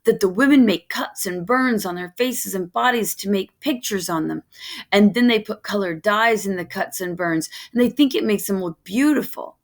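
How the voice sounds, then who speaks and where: A woman's voice: mid-range voice, moderate pace, close to an everyday voice. A woman voicing an eager, gullible boy servant on a ship, reading him in a raised, insistent voice. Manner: excited, insistent storytelling.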